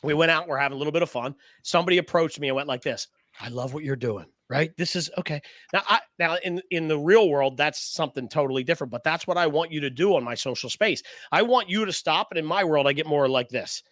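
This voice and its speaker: A man's voice: on the high side, fast, no room sound. A man, co-hosting a casual round-table podcast, telling stories with swearing and laughter. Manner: animated storyteller, swears freely, laughs often. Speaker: podcast co-host.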